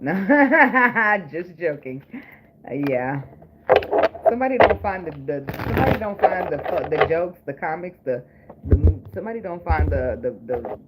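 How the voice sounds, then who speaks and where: A man giving a casual tarot reading, blunt, profane and joking, with frequent laughs. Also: on the high side. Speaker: tarot reader. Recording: noisy recording with clicks.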